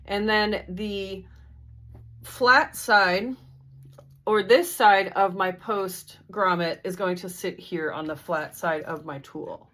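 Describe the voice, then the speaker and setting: A woman's voice: medium pitch, takes it slowly, fairly bright tone. A woman walking through a sewing tutorial step by step, in a friendly, methodical, casual way. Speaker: sewing instructor.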